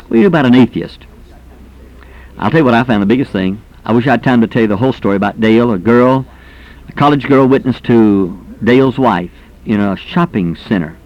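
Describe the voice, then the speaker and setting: Earnest man preaching a folksy sermon, mid-pitched, dull lo-fi recording. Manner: earnest, emphatic, folksy, with anecdotes. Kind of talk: sermon on soul winning.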